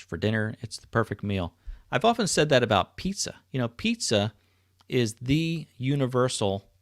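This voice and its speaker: A man's voice: medium pitch, no echo, clean studio sound. A middle-aged man hosting a casual livestream, chatting easily and greeting viewers by name as he reads their comments. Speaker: livestream host. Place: home, indoors. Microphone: webcam setup.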